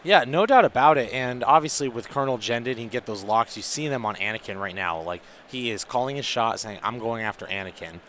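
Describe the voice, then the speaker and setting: A man's voice: medium pitch, animated, fast, hardly any pauses, fairly bright tone, slight background noise. A man commentating a tabletop tournament in a casual, joking way, reading rules and explaining them in detail.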